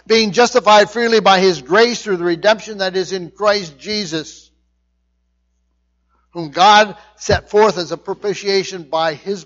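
A man's voice: high voice, a bit bright, lo-fi sound. A man preaching a conversational sermon, repeating his points with emphasis. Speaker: pastor.

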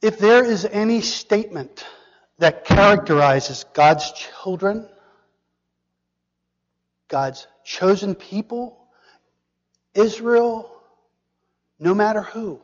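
A man preaching a sermon, asking the congregation questions and dropping to a hushed whisper for emphasis. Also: high voice, in a large hall, muffled recording. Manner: dramatic, drops to a hushed whisper for emphasis, asks the audience questions.

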